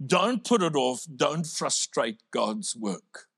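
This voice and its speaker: A man's voice: medium pitch, very animated, takes it slowly, gravelly, hardly any pauses, a bit bright, husky, no room sound, clean studio sound. A man from South Africa with a South African accent, preaching a sermon in a conversational, humorous way. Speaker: pastor.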